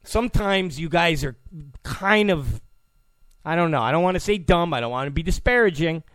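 A man's voice: fairly high pitch, lively intonation, normal speed, fairly bright tone, no room sound. A male talk show host delivering a political monologue in a mocking, joking way, with mock apologies.

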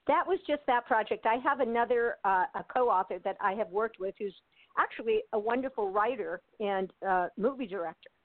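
A woman's voice: mid-range voice, moderate pace, dry recording. Older american lady chatting away on a tinny phone line, lots of laughs and uhs, dry sound. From United States. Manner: chatty, laughs often, many fillers and restarts. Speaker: actress, interview guest. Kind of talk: casual interview chat.

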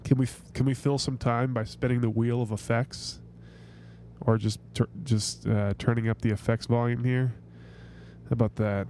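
Mellow guy on a sports podcast, rambly, swears a lot, mid pitch. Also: flat delivery, moderate pace, a little hiss or hum. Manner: ranting, swearing, lots of restarts. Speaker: podcast host. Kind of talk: casual sports chat.

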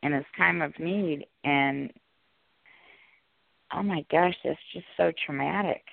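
Gravelly co-host on a phone line. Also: medium pitch, takes it slowly, dry recording. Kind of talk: casual call-in show chat. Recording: tinny phone line, dry.

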